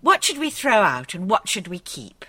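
A woman voicing a brisk, practical elderly granny pig in a children's cartoon. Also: mid-range voice, huge pitch swings, pushed and bright, echoey room, big-room sound. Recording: music playing behind.

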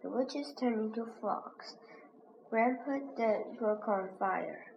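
A woman slowly reading a children's reader aloud as a lesson, pronouncing each word with care. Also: on the high side. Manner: slow, careful, clearly pronounced. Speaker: reading teacher. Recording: dull lo-fi recording with faint hiss.

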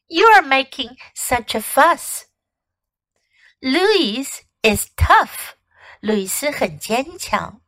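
A woman teaching young children English through a story, in an animated, sing-song, coaxing way. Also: sits high, no echo. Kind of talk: bilingual children's story lesson.

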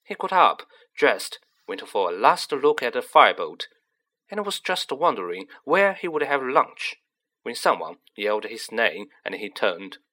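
Man, audiobook narration, bright tone, animated delivery. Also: medium pitch, measured pace. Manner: expressive storytelling. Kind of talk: scripted narration.

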